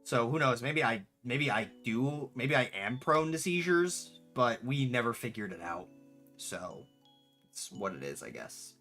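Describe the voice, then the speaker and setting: Late-20s livestreamer, sharp bright tone, loose animated storytelling, cusses casually. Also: medium pitch, a little slow, soft background music. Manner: animated storyteller, swears freely, answers chat aloud. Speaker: streamer and game developer.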